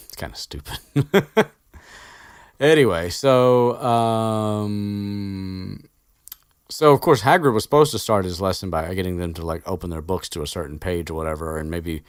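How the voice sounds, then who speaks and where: Very deep-voiced man rambling casually. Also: measured pace, clean tone, no room sound, studio quality. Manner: rambling, full of fillers and restarts, swears offhandedly. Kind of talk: casual book recap chat.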